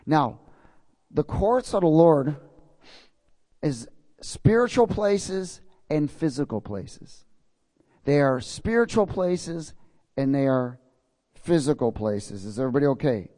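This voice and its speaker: A man's voice: fairly high pitch, very animated, takes it slowly, pauses often, dark tone. A man preaching a sermon in a folksy way, reading scripture and checking in with his congregation.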